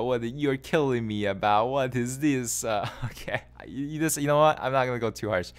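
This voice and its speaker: A man casually coaching a player through a gameplay review, animated and exasperated, repeating himself and laughing in disbelief. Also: mid-range voice, moderate pace, few pauses, clean tone.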